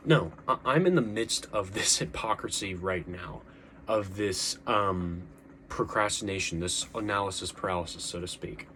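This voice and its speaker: A man's voice: fairly low pitch, moderate pace, pushed and bright, slight background noise. A young man talking earnestly to camera in a casual monologue, rambling with frequent restarts and fillers. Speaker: vlogger.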